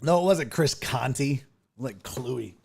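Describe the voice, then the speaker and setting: His voice is mid-range, slow, creaky and husky. He's a sports talk host on a casual livestream, using headphones and a desk mic, spinning animated stories laced with swearing and reading viewer comments aloud.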